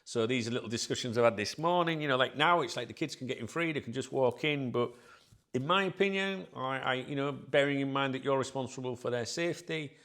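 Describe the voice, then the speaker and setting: A man's voice: mid-range voice, fairly quick, fairly bright tone. A man chatting casually to his viewers as channel host, rambling with many fillers and restarts.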